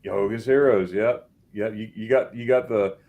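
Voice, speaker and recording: A man hosts a loose, late-night live chat with a low, mellow voice. He rambles and trips over repeated words, laughing often. He sounds tired from being up all night. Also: steady tone, moderate pace. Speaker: host.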